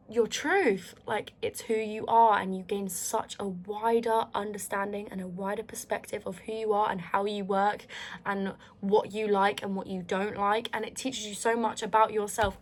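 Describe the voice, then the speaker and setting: A woman talking straight to her viewers in a candid, heartfelt monologue. She is emphatic and reflective, swears freely and often restarts her sentences. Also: medium pitch. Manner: earnest and reflective, with frequent restarts. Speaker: vlogger.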